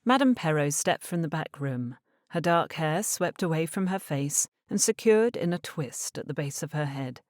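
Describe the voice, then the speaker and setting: A woman reading an audiobook as narrator, in calm scripted narration. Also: sits low, moderate pace, few pauses, dry recording, clean studio sound.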